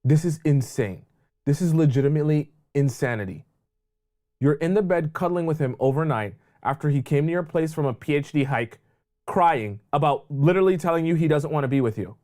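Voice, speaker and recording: A man hosting a live dating advice call-in show, ranting loudly and crudely mocking a caller's ex with drawn-out emphatic lines. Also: on the high side, animated. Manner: loud, mocking, crude rants. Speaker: dating coach host.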